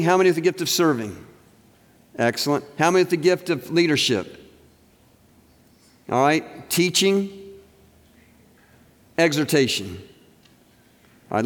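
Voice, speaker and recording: An older man, a university president, giving a chapel sermon with joking asides and earnest prayer in a large auditorium. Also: a little high. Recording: reverberant hall.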